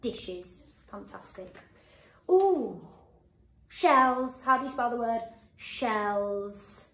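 A woman teacher giving a phonics lesson to young children, sounding out letters slowly and clearly and praising warmly. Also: fairly high pitch, lively intonation. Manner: encouraging praise. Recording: roomy echo.

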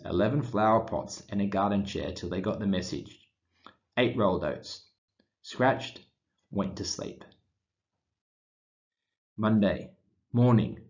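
Slow, lively-voiced man reading a picture book. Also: fairly low pitch, highs cut off. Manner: reads in short deadpan diary fragments with pauses. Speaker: storybook reader. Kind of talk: children's picture book read-aloud.

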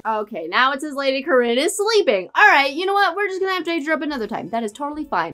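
A young woman casually commenting on a life-simulation game as she plays, chatty and excitable, full of fillers. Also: fairly high pitch. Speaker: gaming channel host.

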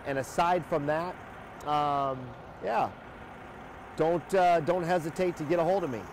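Upbeat male host, slightly high voice, chatty live walkthrough outside, faint traffic behind. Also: steady tone, a little slow. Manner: upbeat, chatty, many uh fillers. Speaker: host of a sales livestream. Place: outdoors by a motorhome near a highway.

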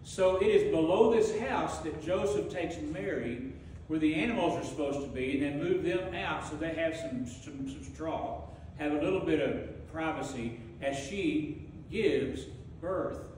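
A man's voice: fairly high pitch, unhurried, darkish tone. A man preaching a sermon, telling the story vividly and asking his congregation questions. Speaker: pastor. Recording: echoey hall from far off, faint noise.

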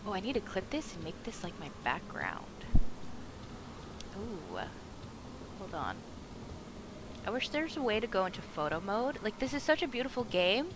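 A woman streaming a video game, chatting casually, gasping, swearing and shouting at the screen. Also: mid-range voice, big pitch swings, normal speed, long pauses, background noise. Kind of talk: casual live-stream commentary.

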